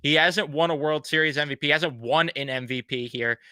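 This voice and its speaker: A man's voice: a little high, a little fast, sharp tone, clean tone, no room sound. A man co-hosting a casual sports podcast, blunt and exasperated, swearing freely. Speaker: podcast co-host.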